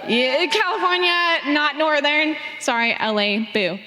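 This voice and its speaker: A young woman from Phoenix tells a family story on a theater stage, animated and profane, acting out the lines she quotes. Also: high-pitched, unhurried, a little hiss or hum. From Phoenix, Arizona. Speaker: audience member sharing a story on stage. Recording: long theater reverb.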